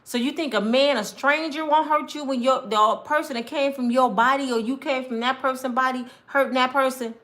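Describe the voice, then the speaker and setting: A woman speaks to camera as a mentor in a preachy monologue about relationships, using an emphatic, conversational street-preacher style with acted-out quotes. Her voice is high-pitched and steady, fairly quick with few pauses, and fairly bright.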